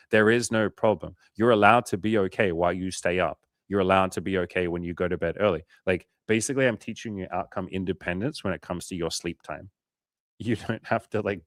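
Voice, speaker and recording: A man with a low voice hosts a casual coaching livestream, talking straight into a dry, close mic. He swears freely and slips into his clients' voices when he retells their stories. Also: a bit bright, no room sound. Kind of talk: casual livestream Q&A, reading chat.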